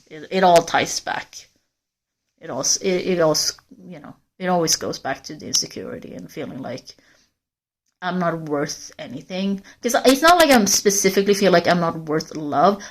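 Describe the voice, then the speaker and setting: A woman livestreamer walking in a forest, talking candidly and rambling straight to her viewers in casual chat. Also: fairly low pitch. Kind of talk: casual live-stream chat.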